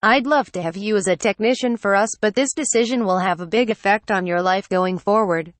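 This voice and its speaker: A woman's voice: mid-range voice, fairly quick, no room sound, natural voice. A woman reading the lines of a caring, sensible noblewoman in a light novel audiobook, kindly but firmly.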